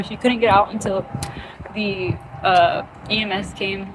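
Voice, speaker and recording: A woman's voice: mid-range voice, steady tone, moderate pace, background noise. A young woman telling a casual story in a chatty, rambling way, full of fillers.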